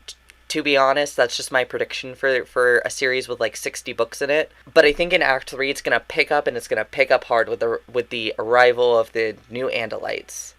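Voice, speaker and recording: A woman co-hosting a casual book club podcast, eagerly spinning theories and acting out quotes in a high squeal. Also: fairly even intonation, brisk, fairly bright tone, no echo. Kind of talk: casual chat.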